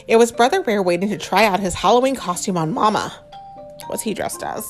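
A woman's voice: mid-range voice, animated, fairly quick, faint music behind. A woman reading a storybook aloud to children and asking them questions between pages. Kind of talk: bedtime-style storybook reading with chat.

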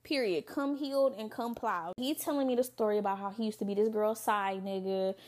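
A young woman hosting a podcast, telling a dating story in a candid, profane, casual way with quick asides. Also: medium pitch. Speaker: podcast host.

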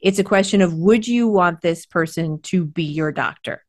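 A woman with a somewhat low voice talks casually about her work as a standardized patient. She recounts stories expressively and laughs along the way. The sound is close and dry. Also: normal speed, a little mellow, no room sound. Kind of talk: casual conversation.

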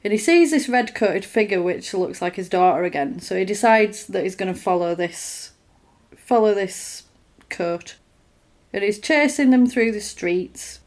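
A woman talks through a film's story in a relaxed, chatty way, the kind of easy back-and-forth a podcast host has with a friend. She keeps the telling lively and now and then slips into brief put-on voices for the characters. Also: mid-range voice. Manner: animated retelling, acts out lines in quick put-on voices; conversational, with fillers and restarts. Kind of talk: casual film recap chat.

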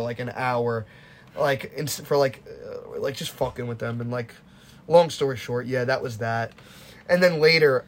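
A young man hosting a casual podcast, telling stories with lively acted-out quotes and plenty of swearing. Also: mid-range voice. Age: young adult. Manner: animated storytelling, acts out quotes, swears freely. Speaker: podcast host. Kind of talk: casual chat.

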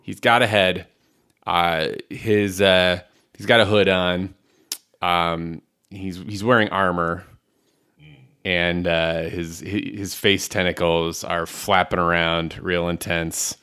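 A man narrating a tabletop game as dungeon master, halting often with ums and restarts. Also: low-pitched, steady tone, bright, forceful tone, smooth. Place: home room with friends around mics.

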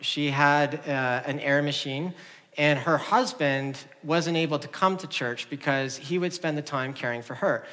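A man's voice: on the high side, measured pace, sharp tone. A middle-aged man preaching a sermon in a church, conversational and earnest, often restarting his sentences. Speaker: pastor. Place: church sanctuary. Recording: long hall reverb.

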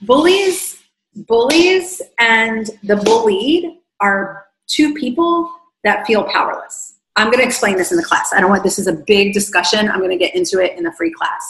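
A woman coaching viewers on a livestream, reading their comments aloud and answering at length. Her voice is gravelly with vocal fry and is wearing thin after talking for a long time. The sound carries the echo of the room around her. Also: on the high side, sing-song, moderate pace. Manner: effusive, rambling, warm toward viewers. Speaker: online coach.

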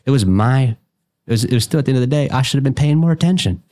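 A man's voice: medium pitch, lively intonation, racing, a little mellow. A man from West Virginia with an Appalachian accent, chatting casually as a life coach, folksy and blunt, with double negatives and swearing. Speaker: life coach and podcast guest. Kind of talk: casual conversation.

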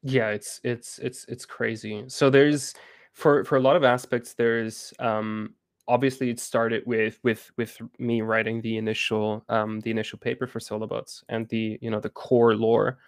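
A man with a gravelly, mid-range voice chats as an interview guest. He halts, repeats words and restarts his sentences, laughing now and then. The recording is close and dry. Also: mid-range voice, flat delivery, no echo. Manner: halting, many restarts and fillers, laughs often. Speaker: game co-founder guest. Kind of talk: casual interview chat.

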